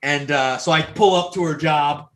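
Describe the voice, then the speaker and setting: A fairly high-pitched man in his thirties, from New York, spins a story as a podcast guest. His talk is animated and salty, full of "like" and restarts. The sound is roomy, with a noticeable echo off the studio walls. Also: moderate pace. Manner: profane, animated storyteller, many fillers. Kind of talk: casual storytelling chat.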